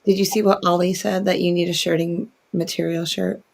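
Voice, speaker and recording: Man, co-host, relaxed agreeable chat, gravelly fry, a bit high. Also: fairly quick, a little hiss or hum. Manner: easygoing, agreeable, soft-spoken. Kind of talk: casual livestream chat.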